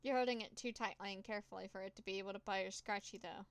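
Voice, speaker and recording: Casual: woman narrating a text game, smooth voice, does the meows and squeaks herself. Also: fairly even intonation, no echo. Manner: reads with dramatic pauses and nervous asides. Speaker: gameplay narrator. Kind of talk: reading a text game aloud.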